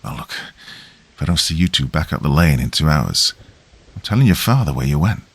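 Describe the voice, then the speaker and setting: A man voicing a worried man in his late fifties with a Liverpool accent, warning gravely in a story reading. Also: rumbling low, sing-song, brisk, voice pushed down, full character voice. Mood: stern.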